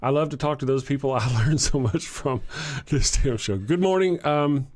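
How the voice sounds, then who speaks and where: A man with a Texan accent hosting a casual livestream, greeting viewers and reading their comments in a rambling, halting way, often chuckling. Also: medium pitch, expressive, a little mellow. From Texas. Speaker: livestream host.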